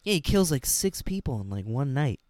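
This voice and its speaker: A man's voice: medium pitch, normal speed, no echo, clean studio sound. Laid-back man chatting about movies. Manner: relaxed, laughs often, trails off with fillers. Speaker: podcast co-host. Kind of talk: casual movie chat.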